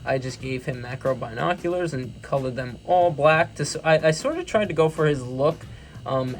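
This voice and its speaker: A young man with a New York accent talks through his toy collection in a casual vlog. His voice sits a bit high and carries a gravelly fry, and he rambles with excitement, stopping to correct himself. Faint music plays underneath. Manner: enthusiastic, rambling, self-correcting. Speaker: toy reviewer.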